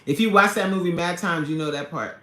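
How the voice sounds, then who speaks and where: A woman's voice: lowish voice, brisk, bright, forceful tone, reverberant. A woman hosting a casual live stream, chatting to viewers in an exaggerated valley-girl drawl full of "like, totally.". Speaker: livestream host.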